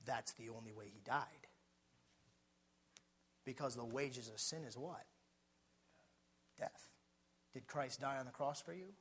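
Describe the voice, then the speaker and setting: A man preaching a sermon with fervor, putting questions to his listeners and swinging between hushed, low passages and shouted ones. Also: a little slow, pauses often, breathy edge.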